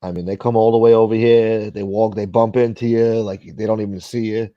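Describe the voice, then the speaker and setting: A man's voice: on the low side, little pitch movement, a little fast, no echo, highs cut off. A man hosting a casual livestream, chatting bluntly, swearing freely and reading out viewer comments. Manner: blunt, rambling, swears freely, mimics others. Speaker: livestream host.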